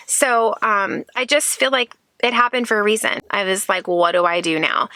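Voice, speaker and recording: A woman's voice: medium pitch, sharp tone, no echo. A woman, chatting earnestly to camera in a home vlog, sprinkling in lots of "like"s. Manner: earnest, faith-filled, chatty with many "like"s. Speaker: vlogger. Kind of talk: casual chat to camera.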